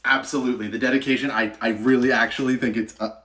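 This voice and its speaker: A man's voice: mid-range voice, steady tone, fast talker, a bit bright. A young man streaming live from his home kitchen, cooking, chatting and joking as he greets viewers by name. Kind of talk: casual live-stream chat.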